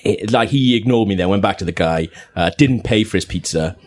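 A man's voice: fairly low pitch, fairly quick. A young man telling a rambling, sweary, self-deprecating anecdote in casual chat. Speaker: podcast guest storyteller.

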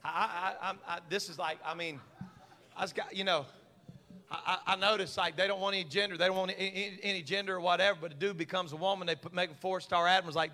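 A man preaching a sermon, folksy and stammering, swinging from quiet asides to fiery shouts. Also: sits high, fairly even intonation, fast.

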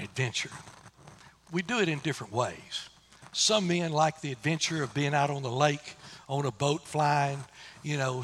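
A man preaching a sermon, swinging between loud emphatic lines and hushed low ones. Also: a little hiss or hum. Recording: reverberant church hall.

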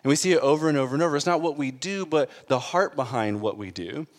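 A man's voice: fairly high pitch, lively intonation, quick pace, big-room sound. A man preaching a sermon in an earnest, conversational way, building to emphatic peaks. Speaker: pastor.

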